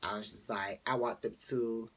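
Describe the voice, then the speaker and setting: Breathy teen guy telling a storytime. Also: fairly even intonation, normal speed, a bit bright. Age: teenager. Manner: chatty, rambling storytelling with fillers; jumps high for quoted lines, drops to whispers. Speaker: vlogger. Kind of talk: casual storytime vlog.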